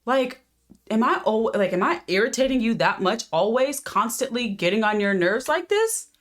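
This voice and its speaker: A woman's voice: fairly high pitch, animated, moderate pace. Earnest woman host telling her story. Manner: earnest, conversational, frequent restarts. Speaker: life coach and channel host. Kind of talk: casual personal storytelling to camera.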